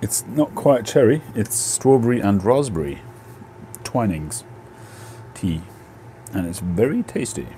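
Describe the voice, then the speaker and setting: Low, dark-voiced chatty Englishman. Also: lively intonation, a little slow, a little hiss or hum. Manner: chatty, answers viewers' comments. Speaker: live stream host. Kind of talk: casual live chat. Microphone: phone.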